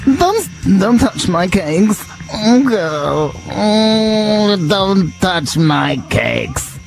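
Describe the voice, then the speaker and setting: A man putting on a high, leering voice of a filthy man with a mock German accent, as a comic radio bit. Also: sing-song, drawn-out words, vocal fry, faint music behind, full character voice, low-quality recording.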